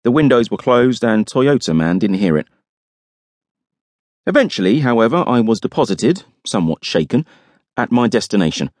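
A man's voice: mid-range voice, very animated, normal speed, a little mellow, dry recording. A man narrating a first-person audiobook with wry, dry humour.

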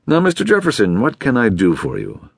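A man voicing a calm, courteous middle-aged male detective who talks in a polite, measured way, in an audiobook. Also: medium pitch, creaky, slightly rough, dry recording, studio quality, pitched above the performer's own voice, exaggerated voice. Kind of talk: audiobook character voice.

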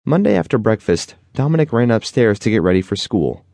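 A man narrating a children's audiobook in an expressive storytelling manner. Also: fairly low pitch, a little fast, creaky, slight background noise.

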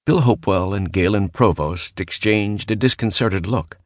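A male audiobook narrator reads horror fiction in a measured, even storytelling voice. His tone sits very low and deep. The sound is dry and close, with no room echo. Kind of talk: scripted narration. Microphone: close studio mic.

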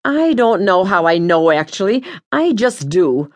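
A woman's voice: mid-range voice, big pitch swings, unhurried. A woman voicing the scolding, blunt ghost of an older mother in an audiobook. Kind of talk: audiobook character voice.

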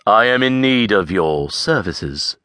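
A male audiobook narrator voicing a calm, commanding man who speaks smoothly and evenly. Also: fairly low pitch, takes it slowly, dry recording, clean studio sound, heavily acted. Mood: smooth, teasing.

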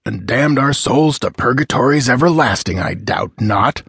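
A man voicing a small, dark, sardonic nobleman in an audiobook, muttering his words slowly and scornfully. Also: medium pitch, expressive, vocal fry, slightly rough, dry recording, clean studio sound, pitched above the performer's own voice, exaggerated voice. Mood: grim. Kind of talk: audiobook character voice.

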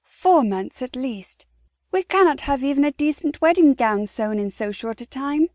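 A woman's voice: sits high, animated, moderate pace, a little mellow, no room sound, clean studio sound, pitched above the performer's own voice. A woman voicing a practical younger sister in an audiobook, persuasive and light. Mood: coaxing. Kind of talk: audiobook character voice.

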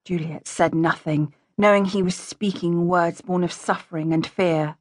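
A woman reading a historical romance audiobook in a smooth, even storytelling manner. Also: lowish voice, moderate pace, no echo. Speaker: audiobook narrator. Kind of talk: scripted narration. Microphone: close studio mic. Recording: dry close-miked studio.

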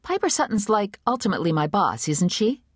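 A woman voicing an eager, pushy young woman reporter who talks quickly and pleadingly. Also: mid-range voice, big pitch swings, breathy edge, dry recording, clean studio sound, voice pushed up.

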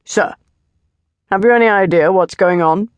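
Woman voicing a gruff veteran centurion. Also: mid-range voice, moderate pace, no echo, lo-fi sound, voice pushed up, lightly acted. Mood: grim. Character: gruff veteran male centurion, blunt and wary.

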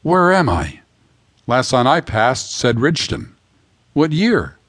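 A man reading an audiobook, voicing a dazed young woman from the fifties who speaks softly and politely. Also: medium pitch, wildly swooping pitch, slow pace, no room sound, clean studio sound, voice pushed up, exaggerated voice. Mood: confused. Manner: soft, tentative, old-fashioned politeness.

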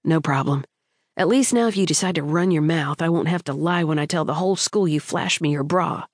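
A scrawny schoolboy with a wicked grin and total confidence, teasing and half-blackmailing in a low, dry voice, as a woman narrator puts him on. He is a character in a romance audiobook, and the voice sits close and dry against the mic. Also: fairly quick, dry recording. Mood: cocky.

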